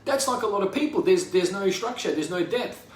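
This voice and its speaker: A man's voice: high-pitched, lively intonation, a little fast. An Australian man giving a rambling, profane motivational talk as a life coach. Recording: roomy echo from a distance.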